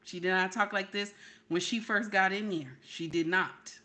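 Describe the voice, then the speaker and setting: Woman, reaction host, bright tone, emphatic, chats with viewers. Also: mid-range voice, normal speed. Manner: emphatic, repeats "okay?" to drive points home; talks to her chat directly. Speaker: commentary host. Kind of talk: live reaction commentary.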